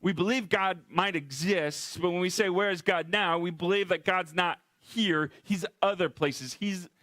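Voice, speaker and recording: A man's voice: high voice, a little slow, fairly bright tone, no room sound. A man preaching a conversational sermon as pastor, often repeating rhetorical questions to the congregation. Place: church.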